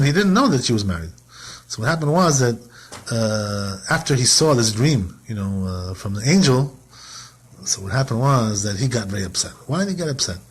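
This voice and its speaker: A man's voice: mid-range voice, slightly rough. A man teaching as a rabbi in a Torah lesson, asking himself rhetorical questions and acting out quoted complaints.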